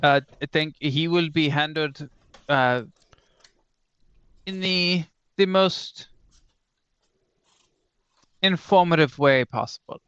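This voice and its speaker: A man voicing a smooth, sinister male tower patron who sips wine, speaking with a halting put-on accent. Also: mid-range voice, fairly even intonation, a bit bright, no room sound, dull audio. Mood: smug.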